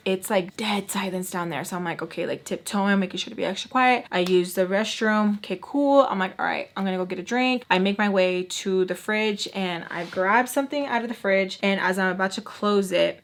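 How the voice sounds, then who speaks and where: A woman's voice: medium pitch, a bit bright. A woman vlogger chatting casually through a personal storytime, full of "like" and talking to her viewers as y'all.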